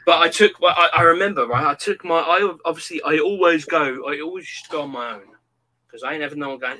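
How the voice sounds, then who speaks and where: A man's voice: a little high, quick pace, low-quality recording. A man in his thirties, chatting casually and acting out quotes as he tells stories. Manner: animated storyteller, acts out quotes. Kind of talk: casual chat.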